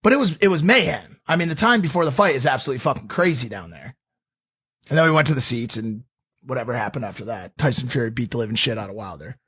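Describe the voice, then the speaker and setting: A young man co-hosting a podcast, telling a story in an animated, profane way and acting out the lines people said. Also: mid-range voice, quick pace, breathy edge. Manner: profane, vivid, acts out quotes. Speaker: podcast co-host.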